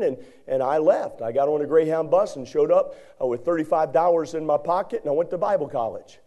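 A man preaching a sermon, telling a personal story in a folksy, animated way and acting out the other people in it. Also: on the high side, quick pace, hardly any pauses, muffled recording.

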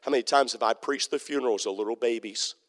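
A man's voice: mid-range voice, fast talker. A male pastor preaching a sermon in an emphatic, repetitive way, often checking in with the congregation. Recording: long hall reverb.

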